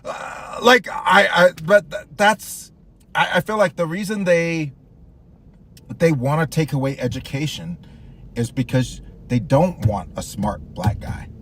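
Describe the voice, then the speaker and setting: A man's voice: a little high, measured pace, a bit bright. A young man talking casually while driving, rambling with restarts, frequent laughs and swearing. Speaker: vlogger. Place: in a car.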